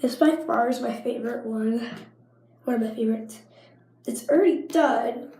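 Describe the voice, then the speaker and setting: A woman's voice: on the high side, normal speed, mellow. A teenage girl with a cold, coughing often as she chats and rambles through a casual show-and-tell vlog at home. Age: teens. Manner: chatty, rambling, with frequent coughs and likes. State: sick with a cough and sinus infection. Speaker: vlogger. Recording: echoey room.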